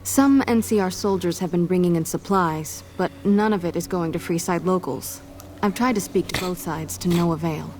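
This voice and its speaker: A measured, earnest aid worker, voiced by a woman in a video game. Her voice is lower than most women's, with a faint hiss of ambient noise around it. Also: darkish tone, lightly acted. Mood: concerned.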